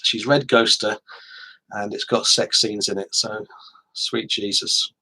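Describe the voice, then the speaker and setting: A man's voice: lowish voice, fairly even intonation, unhurried, bright, forceful tone, slight background noise, rough recording. A chatty English man in his forties, talking casually to viewers on a live stream from home. He rambles and restarts his sentences, with a self-deprecating humor. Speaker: author hosting a live stream.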